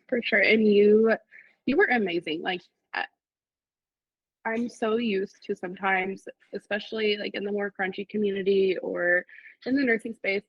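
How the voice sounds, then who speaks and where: A woman, a mother speaking as a podcast guest, talks heartfelt and often murmurs agreement. Her voice is husky with a gravelly fry. The sound is dry and a little muffled, as if from remote audio. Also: mid-range voice, no room sound. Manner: heartfelt, frequent soft affirmations. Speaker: guest, former client and mother. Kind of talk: casual podcast conversation.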